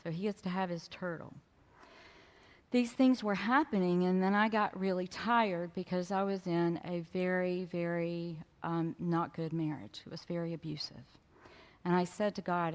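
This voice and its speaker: A woman spiritual speaker giving a frank, animated storytelling talk to a live audience, speaking directly to the crowd. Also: on the low side, moderate pace. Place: lecture hall at a fellowship event. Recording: long reverb of a hall.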